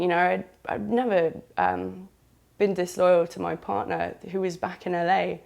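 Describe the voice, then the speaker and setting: A woman's voice: fairly low pitch, little pitch movement, moderate pace, creaky, a little mellow. A woman with a southern English accent telling a candid first-person story in a loose, frank, chatty way with British slang. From southern England.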